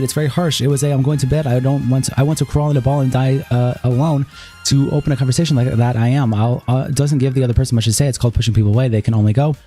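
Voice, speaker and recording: A man streaming, reading chat logs and a document aloud quickly, with brief asides. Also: medium pitch, dark tone. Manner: rapid reading, running lines together with brief asides.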